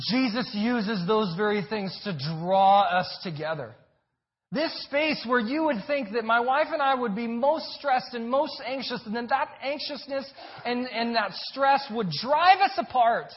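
A man with a high voice preaches a sermon in an earnest, emphatic way, doubling back on his words as he presses each point. The recording is dull and lo-fi. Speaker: pastor.

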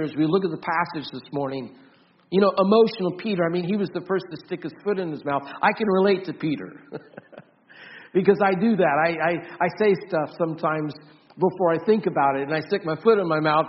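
A man preaching a sermon as pastor, earnest, often repeating and restarting words, swinging from loud emphasis to soft, quiet storytelling. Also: fairly high pitch, lo-fi sound. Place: church.

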